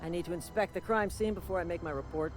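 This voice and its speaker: An actor playing a polite, jumpy corporate security guard in video game dialogue, folksy and eager to please. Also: male voice, high voice, fast, faint music behind, close to an everyday voice. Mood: apologetic. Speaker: game NPC.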